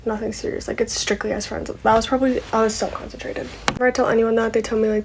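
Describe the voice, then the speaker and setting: A woman's voice: on the high side, flat delivery, fast, hardly any pauses, noisy background. A woman chatting into her phone while getting ready, chatty and full of fillers. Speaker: vlogger. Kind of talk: get-ready-with-me chat.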